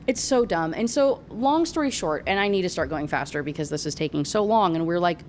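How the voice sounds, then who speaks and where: A woman ranting about a book in a casual, sarcastic, animated way, laughing often. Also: lowish voice, moderate pace, slight background noise. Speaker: book reviewer.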